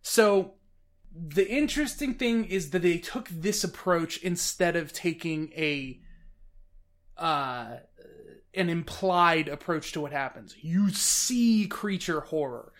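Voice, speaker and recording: Casting: male podcast host, high voice, rambling and animated, casual film talk. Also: takes it slowly. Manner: rambling, animated, restarts often. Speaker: podcast host reviewing films. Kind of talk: casual chat.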